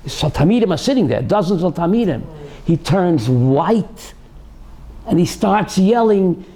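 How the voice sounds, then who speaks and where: High voiced rabbi host telling a story, emphatic, repeats stuff a lot. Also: male voice, sing-song, unhurried, mellow. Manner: emphatic, repeats key phrases. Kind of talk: storytelling on a call-in show.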